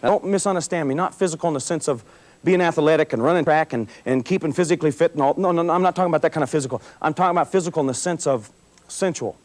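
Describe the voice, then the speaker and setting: Folksy high-voiced man lecturing students. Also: rapid-fire, a little mellow. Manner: folksy, emphatic, repeats phrases for effect. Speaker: motivational speaker to students. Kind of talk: school assembly talk.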